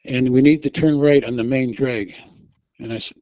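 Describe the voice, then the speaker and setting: Man telling a story, mellow dry voice. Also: mid-range voice, steady tone, no echo, rough recording. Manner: relives the moment, shouting quoted directions loudly and urgently; halting, with restarts and fillers. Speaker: guest telling a personal story. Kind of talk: casual spoken storytelling.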